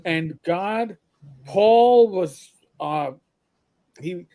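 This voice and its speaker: A middle-aged man with a notably high speaking voice, co-hosting a casual podcast. He tells long, rambling stories and swears bluntly as he goes. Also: drawn-out words, dark tone. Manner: rambling anecdotes with blunt profanity. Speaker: podcast co-host. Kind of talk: casual storytelling chat.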